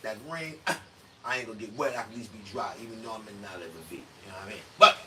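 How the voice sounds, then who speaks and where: A man's voice: fairly low pitch, lively intonation, quick pace. A man hosting a casual livestream, rambling in loose slang and acting out quoted asides. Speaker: livestream host. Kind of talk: casual stream commentary. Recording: distant mic with faint room noise.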